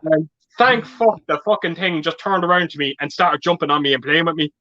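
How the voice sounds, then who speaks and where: A man's voice: a little high, brisk, pushed and bright, dull audio. A man hosting a casual group chat, telling stories with lots of swearing and laughter. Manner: swearing storyteller, laughs often. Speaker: host.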